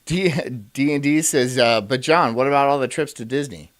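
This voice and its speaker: A man's voice: medium pitch, moderate pace. A man streaming, ranting and reacting to clips in a brash, profane way and laughing often. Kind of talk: casual livestream rant.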